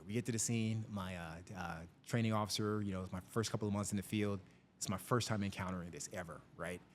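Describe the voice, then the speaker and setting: A middle-aged man, a police officer, telling stories from the job in a casual interview, lively and acting out the people in them. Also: on the low side, background noise. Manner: animated storyteller, voices people in his anecdotes.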